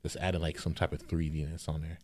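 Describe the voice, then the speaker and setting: A man guesting on a podcast, telling animated stories and laughing through his lines. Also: extremely low pitch, fairly quick. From New Jersey. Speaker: guest artist. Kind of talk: casual podcast chat.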